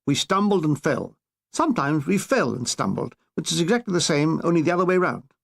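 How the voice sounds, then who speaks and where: A man reading a comic war memoir aloud in a wry, deadpan way. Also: on the high side, brisk, gravelly. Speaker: narrator.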